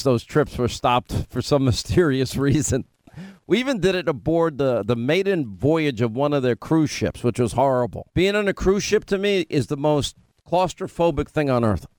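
A touch high and slightly mellow, the voice belongs to a middle-aged radio host who drifts through stories in casual chatter, often breaking off to start again. There's no room sound.

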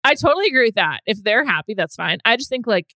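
This podcast co-host is a young woman with a fairly high voice, recorded with no echo. She keeps the conversation casual and lively, laughing easily.

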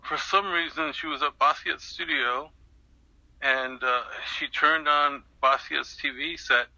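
A man's voice: a little high, fairly even intonation, a little slow, bright, forceful tone, no room sound, dull audio. An older man being interviewed, telling a long story in a rambling way with many restarts and fillers. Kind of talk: recounting an anecdote in an interview.

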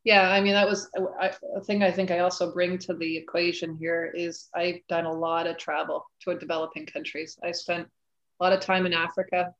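A woman's voice: on the low side, flat delivery, normal speed, lo-fi sound. A woman author speaking as a guest in a casual interview, earnest and thoughtful, with frequent fillers.

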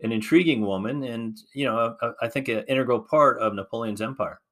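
A man's voice: mid-range voice, a little fast, fairly bright tone. A man hosting a podcast interview, asking questions casually and affirming his guest often. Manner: affirming, with frequent backchannel "mm-hmm". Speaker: podcast host.

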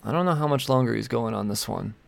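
A man with a gravelly, rough-edged voice, talking casually and swearing freely on a solo comics podcast. The sound is dry and close, with no room around it. He rambles from one release to the next in an offhand way. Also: medium pitch, quick pace, no echo. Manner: loose, profane and rambling, sipping vodka. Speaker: comic book podcast host.

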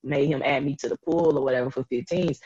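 A woman, a rugby player telling stories in a casual interview, animated and laughing often. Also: very deep voice, fast, husky. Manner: animated, laughing, slangy storyteller. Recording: dull lo-fi audio.

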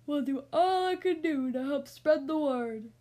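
A woman playing a big male great dane, slow, solemn, howling, storybook. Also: sits high, warm tone. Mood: earnest.

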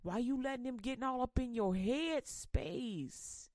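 A woman's voice: fairly high pitch, a little slow, darkish tone, no echo, clean studio sound, lightly acted. A woman voicing God as a stern but loving father who scolds in street slang. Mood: correcting.

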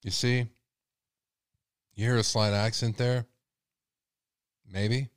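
A man's voice: medium pitch, steady tone, takes it slowly, smooth, no echo, studio quality, faint music behind. A man hosting a podcast, giving sarcastic, jumpy true-crime commentary and talking straight to his listeners. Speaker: podcast host.

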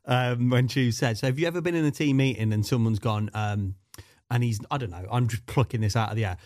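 A man's voice: mid-range voice, fairly quick, darkish tone, no room sound, clean studio sound. A man hosting a casual podcast chat and asking curious questions. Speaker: podcast host.

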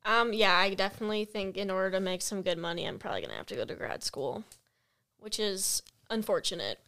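A woman's voice: medium pitch, animated, fast, pushed and bright. A young woman, a psychology student and podcast guest, chatting and telling stories with lots of "like" fillers. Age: young adult. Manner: chatty storyteller, many "like" fillers. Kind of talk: casual podcast chat.

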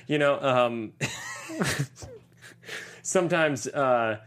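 A man's voice: mid-range voice, lively intonation, brisk, fairly bright tone. A man in his thirties co-hosting a casual movie podcast, joking and trying out silly voices. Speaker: podcast co-host.

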